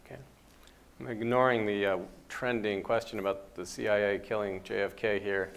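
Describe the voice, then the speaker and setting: A man moderating a university talk, reading out audience questions in a dry, low-key way. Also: little pitch movement, normal speed, very noisy. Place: university lecture hall.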